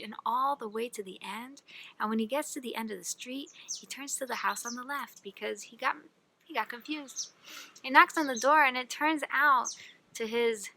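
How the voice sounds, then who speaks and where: Woman teacher, lively storyteller, fairly high voice, birds chirping clearly behind. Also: slight background noise. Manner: animated, acts out the characters. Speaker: rebbetzin and storyteller.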